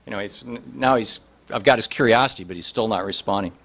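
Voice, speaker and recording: A man's voice: on the low side, fast, fairly bright tone. A man telling a long anecdote in a rambling way, full of restarts and fillers. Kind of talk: storytelling talk.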